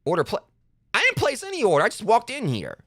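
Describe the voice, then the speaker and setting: A man streaming a video game, giving sarcastic commentary and jumping high in pitch when exasperated. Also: wildly swooping pitch, fast, fairly bright tone, no echo, clean studio sound. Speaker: gaming streamer. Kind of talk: live gameplay commentary.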